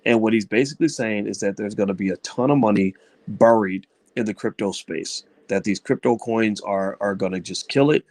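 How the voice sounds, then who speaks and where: A man's voice: on the low side, moderate pace, darkish tone, dry recording. A middle-aged man giving blunt, conversational commentary on finance to his viewers. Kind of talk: live-stream talk to viewers.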